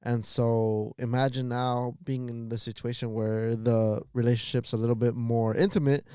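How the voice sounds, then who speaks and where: A man co-hosting a casual podcast, talking in a measured way with many fillers like "you know". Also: mid-range voice, level tone, warm tone, smooth, no echo, studio quality. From Los Angeles area. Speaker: podcast co-host. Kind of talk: casual chat.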